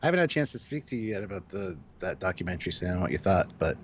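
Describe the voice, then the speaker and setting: A man's voice: low voice, sing-song, rapid-fire, highs cut off, a crowd in the background. A man co-hosting a live stream, chatting casually, reading viewer comments aloud and laughing often. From Canada.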